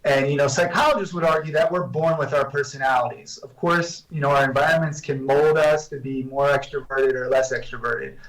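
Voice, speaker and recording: A man talking as a guest professor on a video call, measured and explanatory with frequent restarts. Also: mid-range voice, a bit bright, recorded from a distance, low-quality recording. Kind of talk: remote interview answers.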